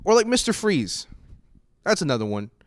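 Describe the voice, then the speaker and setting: Young man, stand-up comic, lively swinging pitch, dry close sound, profane, exasperated bursts. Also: normal speed, no echo. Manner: profane, conversational. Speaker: stand-up comedian. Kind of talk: stand-up comedy set.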